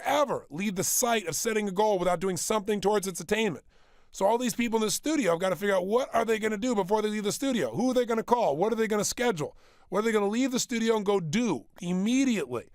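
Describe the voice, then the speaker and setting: A motivational speaker with a high voice and lively intonation addresses a small studio audience at a workshop, and there is no echo. He is emphatic, returns to the same phrases often, and peppers the room with quick rhetorical questions.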